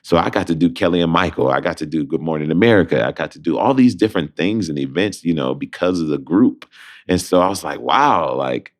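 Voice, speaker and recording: Man, very deep bass voice, Detroit native, young adult, animated storyteller, acts out both sides of phone calls. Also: fairly quick. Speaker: Broadway actor and guest.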